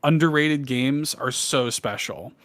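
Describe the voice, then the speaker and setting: Enthusiastic, bright-voiced man chatting. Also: medium pitch, slow, no echo, studio quality. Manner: enthusiastic, rambling with many fillers. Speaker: podcast co-host. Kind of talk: casual chat.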